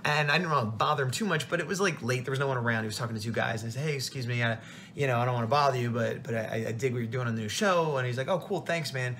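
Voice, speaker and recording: A man chats quickly through a casual vlog, tired and rambling, acting out what others said in the story. He sounds like a comic artist talking straight to camera. A faint hum of background ambience sits under his voice. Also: medium pitch. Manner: rambling, animated retelling with quoted voices.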